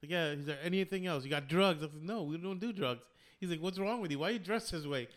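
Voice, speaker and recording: A man in his thirties telling a story in casual chat, animated and often breaking into laughter. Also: a little high, fast talker.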